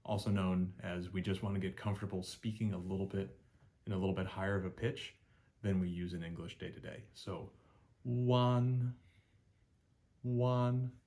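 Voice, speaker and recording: A man's voice: flat delivery, brisk, darkish tone. A man teaching Mandarin pronunciation in a friendly spoken lesson, drilling vowel sounds and encouraging the learner. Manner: encouraging, repeats sounds with rising pitch, praises learner.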